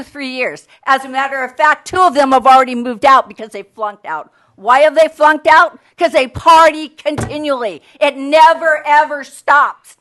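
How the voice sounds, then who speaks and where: A woman's voice: high-pitched, a bit bright. Angry older woman pleading at a council meeting. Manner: angry, pleading, repeats herself. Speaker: resident speaking at public comment. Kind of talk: public comment at a council meeting. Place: council chamber.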